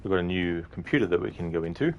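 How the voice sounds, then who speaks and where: A man with a very low voice talks through a game in a loose, rambling commentary. He laughs often and swears offhandedly as he muses. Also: lively intonation, rapid-fire, muffled recording, slight background noise. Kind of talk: casual gameplay commentary.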